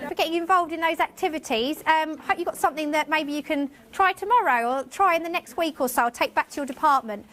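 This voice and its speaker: A woman's voice: sits high, fast, hardly any pauses, a bit bright. A woman teacher presenting a workshop to a room of colleagues, chatty and self-mocking. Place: conference room with tables.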